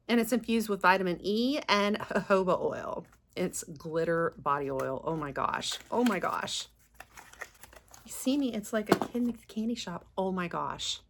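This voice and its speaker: A woman's voice: medium pitch, sharp tone. A woman, chatting casually as a beauty vlogger while unboxing, gushing and exclaiming often.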